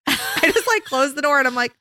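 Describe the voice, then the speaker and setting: A woman in her thirties co-hosting a podcast, chatting casually and telling animated stories about her kids. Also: brisk, no room sound, clean studio sound. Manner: animated storytelling, imitates her kids in high voices. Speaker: podcast co-host. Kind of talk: casual chat.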